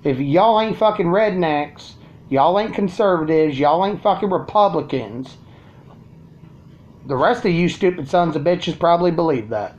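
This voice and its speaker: A man's voice: a little high, lively intonation, moderate pace, darkish tone, dull audio. A man ranting crudely and sarcastically to his viewers from his home. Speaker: vlogger. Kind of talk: profane ranting monologue.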